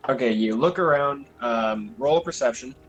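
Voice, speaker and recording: A man's voice: mid-range voice, normal speed, dull audio, soft background music. A man narrating as game master in a casual, filler-heavy way.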